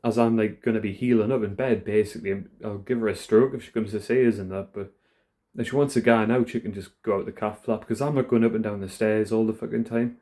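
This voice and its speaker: Brief: young man, casual profane monologue, warm mellow tone, indoors at home. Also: fairly low pitch, steady tone, quick pace. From United Kingdom. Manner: rambling, profane, rough-edged. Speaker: vlogger.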